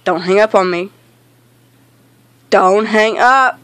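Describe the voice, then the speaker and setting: A woman doing a comedic gaming rant, bossy and exasperated, shouting directions at a teammate while insisting she is not yelling. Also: mid-range voice, takes it slowly, no echo. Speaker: gamer in a comedy skit.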